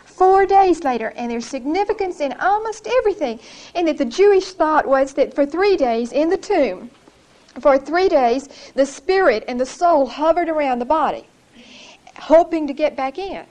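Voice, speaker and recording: A woman's voice: high-pitched, animated, normal speed, a little mellow, poor audio. A woman giving an informal Bible study in a church, earnest and conversational, often repeating her phrases.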